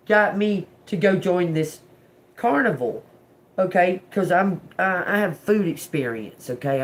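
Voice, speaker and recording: A middle-aged woman, telling a blunt, profane story to her livestream audience. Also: lowish voice. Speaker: livestream host. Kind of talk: casual storytelling monologue.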